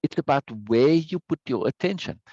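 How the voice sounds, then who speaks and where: A man's voice: fairly high pitch, normal speed, warm tone, no echo, dull audio. A man teaching a live online course, talking conversationally, repeating words for emphasis and often checking in with "right?". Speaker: course instructor. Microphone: video call microphone.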